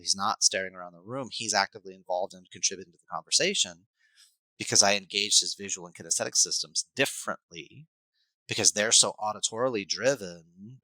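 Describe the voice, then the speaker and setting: A middle-aged man, a life coach and hypnotherapist, talking at length as a podcast guest and acting out scenes with sudden loud bursts. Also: fairly low pitch, dry recording, poor audio. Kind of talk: podcast interview, explaining at length.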